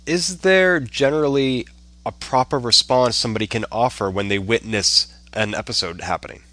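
A man hosting a podcast, asking gentle, thoughtful questions. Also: mid-range voice, moderate pace. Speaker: podcast host. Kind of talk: casual interview chat.

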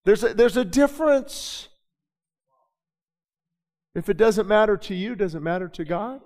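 A male pastor with a high-sitting voice preaches unhurriedly to his congregation in a church sanctuary, starting conversationally and swelling into impassioned, urgent pleading. He swings from quiet to loud, repeating words and restarting, and the recording carries the long reverb of a large hall.

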